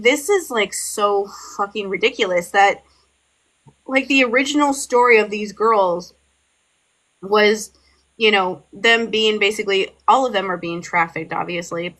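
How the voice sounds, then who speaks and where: A woman co-hosting a casual podcast, her voice sharp and bright. She tells a story in loose, run-on sentences packed with "like," getting worked up as she goes. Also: mid-range voice, low-quality recording. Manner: heavy "like" fillers, animated and heated storytelling. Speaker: podcast co-host. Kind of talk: casual chat.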